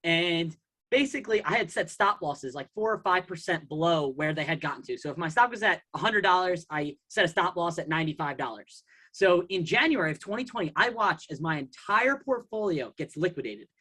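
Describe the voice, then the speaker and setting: A man's voice: a little high, lively intonation, a little fast, sharp tone, breathy edge. A man telling his story casually as an interview guest. He rambles, restarts his sentences and acts out his own past thoughts. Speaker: guest investor.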